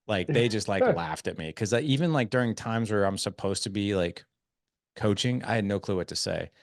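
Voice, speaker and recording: A man's voice: on the low side, lively intonation, fairly quick, dry recording, studio quality. A man hosting a podcast who tells a rambling, self-deprecating anecdote full of fillers. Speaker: podcast host. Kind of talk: casual storytelling conversation.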